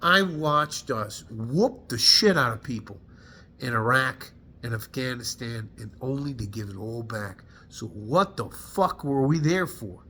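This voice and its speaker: A man's voice: mid-range voice, animated, a little slow, bright, forceful tone, breathy edge. A middle-aged man, a combat veteran, speaking emotionally to camera in a heated, profane rant, sighing and stuffy-nosed as he holds back tears. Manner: heated, profane, breaks off with sighs.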